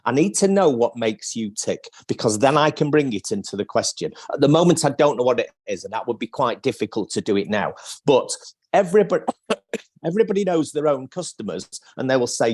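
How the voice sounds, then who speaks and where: A man's voice: medium pitch, big pitch swings, a little fast, darkish tone, slightly rough. A man speaking on a live video call as an interview guest, thinking aloud with restarts and acting out sales lines.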